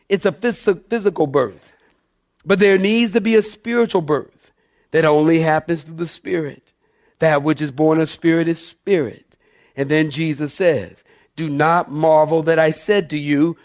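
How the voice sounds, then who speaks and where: A man's voice: fairly high pitch, measured pace, a little mellow. A male pastor preaching a sermon, emphatic, calling on his congregation to answer back.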